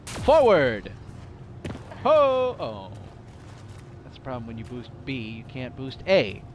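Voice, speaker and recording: A man's voice: medium pitch, very animated, moderate pace, muffled recording, slight background noise. A man casually commenting on a video game he is playing, joking playfully and laughing often. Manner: playful and jokey, laughs often, mock-dramatic asides. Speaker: game streamer. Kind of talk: casual let's-play commentary.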